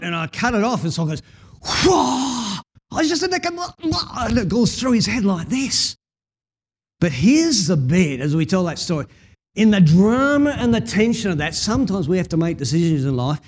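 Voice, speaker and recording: A man preaching a sermon, telling a Bible story with lively acted-out scenes and talking with the congregation. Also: high voice. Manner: animated storytelling, acting out scenes.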